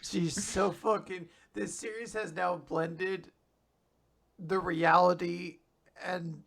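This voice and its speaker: A man co-hosting a manga recap podcast, casually retelling chapters, swearing freely, and dropping to a low mumble for character lines. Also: fairly even intonation, takes it slowly, creaky, a bit bright. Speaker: podcast co-host.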